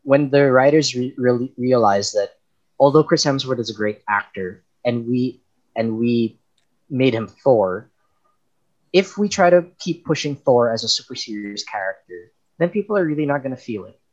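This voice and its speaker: A man's voice: medium pitch, animated, moderate pace, a little mellow. A man in casual chat as a podcast co-host, arguing his points at length. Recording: dull lo-fi mic.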